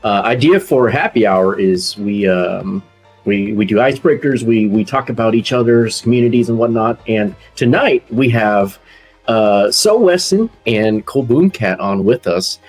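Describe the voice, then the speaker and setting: A man's voice: on the low side, expressive, a little mellow, slightly rough, faint music behind. A man co-hosting a casual live stream, chatty and upbeat, with plenty of uh and um between his thoughts. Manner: chatty, upbeat, fills pauses with uh and um. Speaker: stream co-host.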